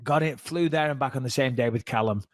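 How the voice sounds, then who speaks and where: A man's voice: mid-range voice, quick pace, no echo. A man, telling a story casually on a podcast and acting out the people he quotes. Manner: animated, acts out quoted dialogue.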